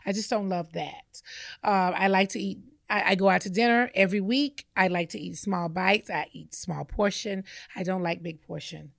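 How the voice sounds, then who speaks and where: A middle-aged woman co-hosting a podcast in casual chat, drawling and animated, acting out her own reactions. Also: mid-range voice, normal speed, gravelly, dry recording, clean studio sound. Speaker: podcast co-host.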